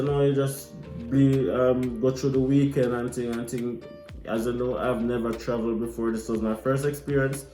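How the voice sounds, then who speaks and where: A young Jamaican man telling a lively, casual story, slipping into patois. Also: mid-range voice. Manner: animated, mixes patois into his telling. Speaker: vlogger. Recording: echoey room with light music.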